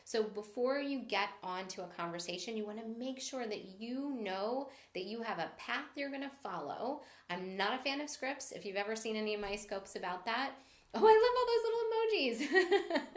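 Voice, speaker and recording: A sales coach, a woman with a mid-pitched voice, runs a live-streamed sales training in an upbeat, encouraging way. She greets viewers partway through her talk, and her room's echo rings through the recording.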